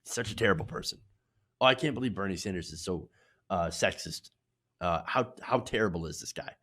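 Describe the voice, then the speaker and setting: A man's voice: low-pitched, fairly quick, a bit bright, voice pushed down. A man putting on a mocking, whiny impression of a dismissive woman politician.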